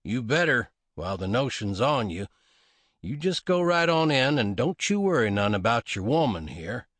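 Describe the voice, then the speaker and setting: A man's voice: medium pitch, sing-song, moderate pace, fairly bright tone, dry recording. Man doing a drawling, sly gunman. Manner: drawling, dry, cocky. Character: laconic sly frontier gunman, male adult.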